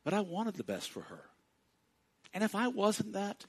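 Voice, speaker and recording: A man preaching a sermon to his congregation, speaking directly to them and swinging between hushed and loud passages. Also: high-pitched, huge pitch swings, normal speed, long pauses, husky. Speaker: pastor.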